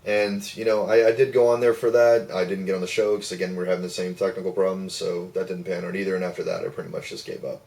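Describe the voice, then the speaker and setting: A man telling a personal story to camera in a casual, rambling way, swearing freely and getting animated. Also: deep voice, fast talker, hardly any pauses, distant mic.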